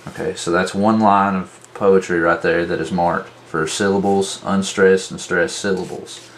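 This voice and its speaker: A man teaching a tutorial at a worksheet, talking slowly and drawing out syllables to show their stress. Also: deep voice, fairly even intonation, a little hiss or hum. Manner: slow, deliberate, drawn-out syllables. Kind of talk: whiteboard tutorial.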